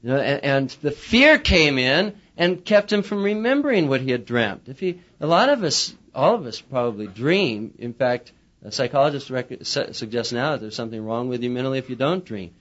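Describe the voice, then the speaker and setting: A man's voice: mid-range voice, moderate pace. A man teaching pastors in a humorous, chatty lecture, acting out little quotes as he talks. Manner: chatty, animated, acts out quotes. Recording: muffled lo-fi recording.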